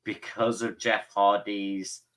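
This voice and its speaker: A man's voice: fairly low pitch, slow. A man co-hosting a casual podcast, eagerly retelling funny moments and acting out what others said. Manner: animated storyteller, acts out quotes. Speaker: podcast co-host. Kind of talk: casual wrestling chat.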